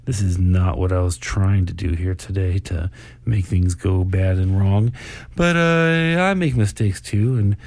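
A man's voice: deep voice, unhurried, creaky, a little mellow. A man hosting a live stream, rambling casually with apologies and laughs.

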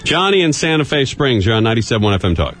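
A man hosting a call-in radio talk show, taking callers briskly and trading dry wisecracks. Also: mid-range voice, very animated, a bit bright, soft background music. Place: radio studio. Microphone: studio microphone.

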